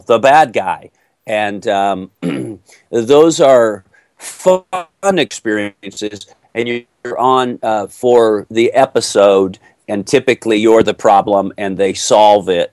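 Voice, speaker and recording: Middle-aged Texan male actor, lowish voice, dry sound, lively storyteller. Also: dry recording. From Texas. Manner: animated, playful storyteller. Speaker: actor being interviewed. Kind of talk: casual interview answers.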